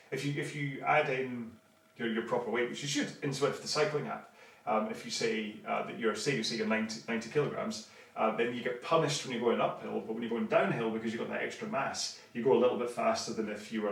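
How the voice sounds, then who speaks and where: A man's voice: medium pitch, gravelly. Male host in his fifties, rambling livestream chat, echoey room, mic set back from him. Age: 50s. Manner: rambling, chatty, many restarts. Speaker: online rowing class host. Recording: roomy, mic at a distance.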